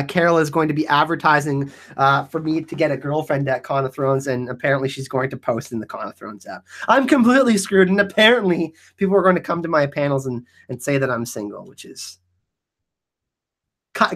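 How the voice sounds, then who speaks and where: A man hosting a casual live Q&A stream, reading the chat; excitable, laughing often and saying "like" a lot. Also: on the high side, fairly quick. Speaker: livestream host answering chat.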